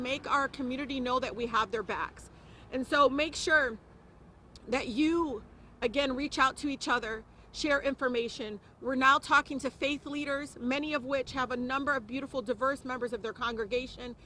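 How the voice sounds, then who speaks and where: Impassioned woman with a bright, high voice. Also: steady tone, moderate pace, a little hiss or hum. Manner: passionate, emphatic, repeats phrases for stress. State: close to tears at times. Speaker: politician speaking at a press conference. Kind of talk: impassioned press conference speech.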